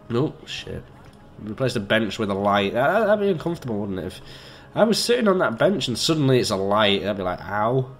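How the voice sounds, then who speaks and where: A man's voice: mid-range voice, sing-song, moderate pace, pauses often, faint music behind. A man giving let's play commentary, chatty and joking, swearing and talking to himself as he builds. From Britain. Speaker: gamer.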